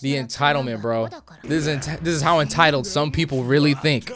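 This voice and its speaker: A man giving casual, excitable reaction commentary on an anime episode, joking with slang and profanity. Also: fairly high pitch, fairly quick, a crowd in the background.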